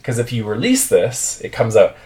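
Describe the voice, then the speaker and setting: A man's voice: medium pitch, wildly swooping pitch, fairly quick, mellow, a little hiss or hum. A man teaching English pronunciation, patiently drilling words and having learners repeat after him.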